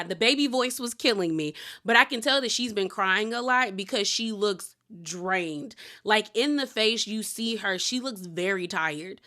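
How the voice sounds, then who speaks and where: Bright-voiced chatty woman recapping TV. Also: mid-range voice. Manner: chatty and animated, acts out quotes and exclaims "girl". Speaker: reality TV recap host. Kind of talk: casual episode recap.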